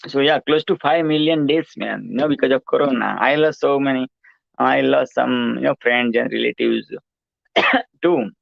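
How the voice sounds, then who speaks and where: A man's voice: mid-range voice, moderate pace, creaky, no room sound, highs cut off. A man hosting his own show, giving a rambling motivational monologue, repetitive and preachy, full of "you know" and "right".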